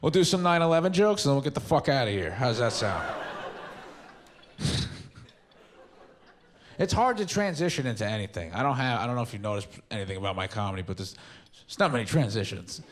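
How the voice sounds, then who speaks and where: A man's voice: mid-range voice, lively intonation, fairly quick, pauses often, slight background noise. A young man, telling loose, mumbly stories in a stand-up set and acting out quotes. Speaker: stand-up comedian. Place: theater stage with a live audience.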